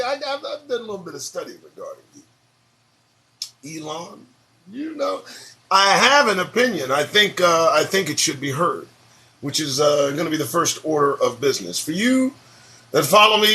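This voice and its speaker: A man's voice: on the high side, sing-song, moderate pace, sharp tone. A man hosting his daily morning talk show, rambling and swearing casually as he drifts between topics. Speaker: show host.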